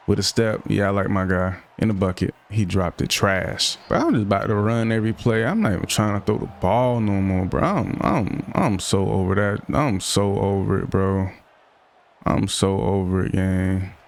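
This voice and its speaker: Young guy streaming a football game, lowish voice, slangy, keeps groaning at his own mistakes. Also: steady tone, normal speed, vocal fry. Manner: slangy, frustrated outbursts, talks to himself. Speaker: gaming streamer. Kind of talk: live gameplay commentary.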